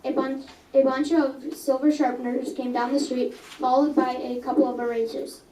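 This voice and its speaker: A young girl reads aloud a story of her own at a coffee house, delivering it flatly at a moderate pace, earnest despite the odd stumble and self-correction. Her voice is high and mellow. Heard from some distance, she's in an echoey room with faint ambience and slight background noise.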